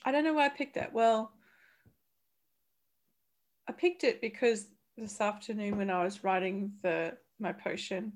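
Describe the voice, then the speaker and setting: A woman in her thirties chatting on a podcast, animated and laughing often, with frequent restarts. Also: medium pitch, unhurried, pauses often. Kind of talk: casual chat.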